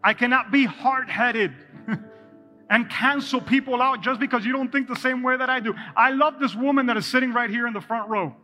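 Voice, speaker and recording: A man's voice: extremely high pitch, moderate pace, bright, forceful tone, faint music behind. A man preaching a live sermon as pastor, talking energetically and directly to his congregation in a church.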